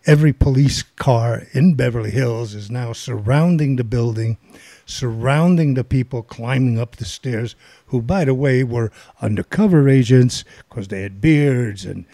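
A man's voice: medium pitch, measured pace, gravelly, dry recording, studio quality. An older man telling a long rambling anecdote in casual chat, acting out the voices of people in it. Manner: rambling, animated storytelling with quoted voices.

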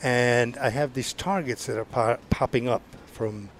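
A man's voice: mid-range voice, unhurried, slight background noise. Older Southern US man telling stories. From Georgia, US. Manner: rambling, stammering restarts, sound effects. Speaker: podcast guest. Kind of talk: casual storytelling.

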